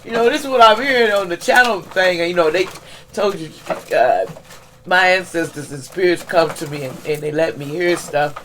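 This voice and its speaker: A woman's voice: lowish voice, expressive, normal speed, a bit bright, a little hiss or hum. A woman giving a casual weekly tarot reading, chatty and loose, laughing as she talks. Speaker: tarot reader.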